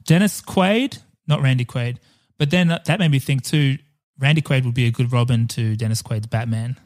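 A man's voice: medium pitch, normal speed, a little mellow. A man co-hosting a casual movie podcast, chatting in a jokey way, swearing and wandering off on tangents. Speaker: podcast co-host. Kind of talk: casual film podcast chat.

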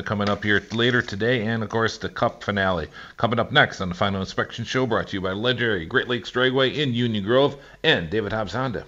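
A man's voice: on the low side, pushed and bright, highs cut off, a little hiss or hum. A man hosting a sports radio show, talking casually with many fillers.

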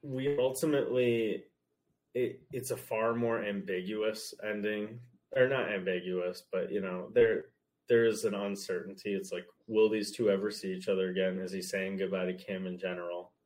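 Measured, thoughtful male podcast guest. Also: on the low side, steady tone, a little mellow. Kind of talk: casual chat.

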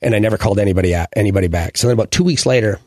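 Guest, 40s male, rambling animated storyteller, low husky voice, dry close sound. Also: rapid-fire, no echo. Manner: rambling, animated anecdotes with fillers and restarts. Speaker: guest, former sports mascot. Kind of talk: casual interview storytelling.

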